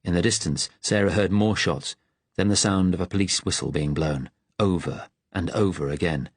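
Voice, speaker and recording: A man narrates an audiobook in a measured, tense storytelling manner. His voice sits low with a husky edge. The recording is dry and close. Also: dry recording.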